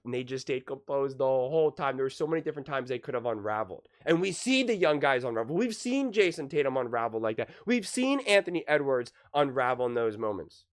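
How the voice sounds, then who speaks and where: A man with a sore, worn voice gives casual basketball commentary. He is excitable and emphatic, and he often restarts and repeats his points. His pitch sits in a middle range. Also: fairly quick, hardly any pauses. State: sore voice from screaming.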